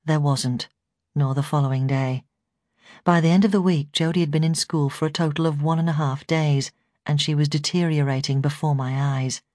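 A woman narrating a first-person memoir in a measured, earnest reading. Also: sits low, steady tone, a little mellow, no room sound, clean studio sound. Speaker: audiobook narrator.

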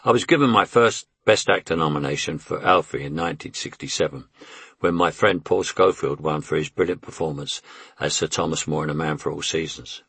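A man's voice: rumbling low, brisk, gravelly, a bit bright, breathy edge, no room sound. A man in his eighties with a London Cockney accent, reading his memoir in a wry, conversational way. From England. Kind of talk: audiobook memoir narration.

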